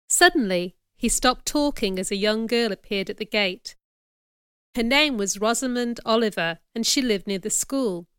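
A woman narrates a storybook audiobook in the first person, in a clear and measured way. Her voice is fairly high, bright and crisp. The recording is dry and close. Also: no echo.

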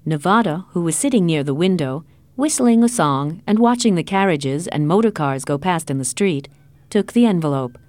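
Measured woman narrating a storybook. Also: fairly low pitch, animated, darkish tone, no echo.

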